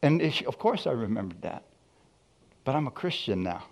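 A man preaching a sermon, telling a personal testimony in a lively storytelling way and acting out the dialogue. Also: medium pitch, normal speed, gravelly. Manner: storytelling, animated, acts out dialogue.

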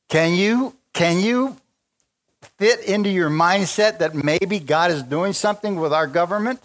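Man, preacher, spontaneous sermon, fervent, swings from low murmurs to high exclamations. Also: normal speed, fairly bright tone. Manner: fervent, rising to exclamations and calls to the congregation. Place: large church with a congregation.

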